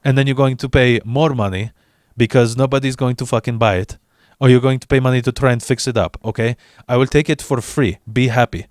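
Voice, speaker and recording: A man's voice: mid-range voice, fairly even intonation, a little fast, no echo, lightly acted. Guy putting on a pushy mechanic, short choppy sentences, cusses, dry close sound. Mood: insistent. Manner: curt, broken phrasing, swearing. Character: blunt, pushy male mechanic.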